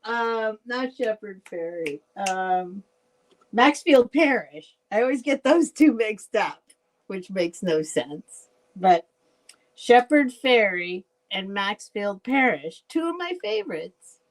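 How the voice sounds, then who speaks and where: A woman hosting a casual live vintage sale, chatty and rambling, laughing often and thinking out loud. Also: medium pitch, lively intonation, slow pace, poor audio. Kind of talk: casual live selling chat.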